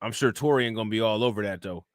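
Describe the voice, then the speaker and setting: Rapid-fire and lowish in pitch, a man hosts a live-stream crime show in clean studio sound with no room sound. Loose and conversational, he reads out charges and reports, reacts, and keeps turning to viewers with "you know what I'm saying?" It's casual live-stream commentary working through news and chat.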